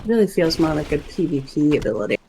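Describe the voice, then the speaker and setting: A woman's voice: sits low, very animated, fast talker, mellow, slight background noise, poor audio. A middle-aged woman chatting casually and with dry amusement while gaming with her son. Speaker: gaming co-host. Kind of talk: casual let's play chat.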